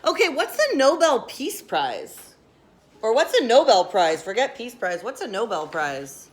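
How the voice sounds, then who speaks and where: Brisk teacher woman in a classroom. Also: on the high side, sing-song. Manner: brisk, directive, asks the class questions.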